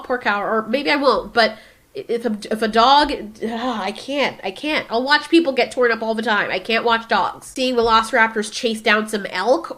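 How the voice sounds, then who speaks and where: A woman hosting a casual, opinionated film discussion, acting out scenes as she goes. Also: fairly high pitch. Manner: opinionated, animated, acts out dinosaur lines. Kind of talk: casual commentary.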